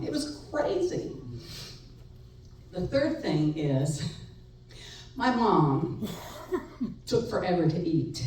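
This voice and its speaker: A middle-aged woman telling a personal story live on stage, wry and animated, laughing between lines. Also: on the low side, slow pace, long pauses. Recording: echoey room, far mic, faint noise.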